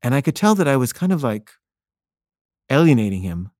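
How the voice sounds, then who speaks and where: A filmmaker recounting a personal anecdote in an earnest way, often stumbling into restarts mid-sentence. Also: male voice, medium pitch, very animated, brisk, darkish tone, dry recording, studio quality. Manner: earnest, with frequent stammered restarts.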